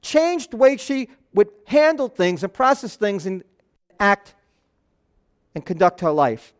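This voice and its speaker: High-voiced, nasal man preaching. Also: sing-song, a little slow, clear, resonant tone. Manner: earnest, loose asides and restarts. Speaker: pastor. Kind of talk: conversational sermon.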